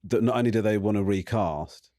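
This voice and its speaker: A man's voice: lowish voice, fairly quick, dark tone, a little hiss or hum. A man in his forties hosting a casual chat, self-deprecating, often restarting his sentences and swearing. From England. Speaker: host.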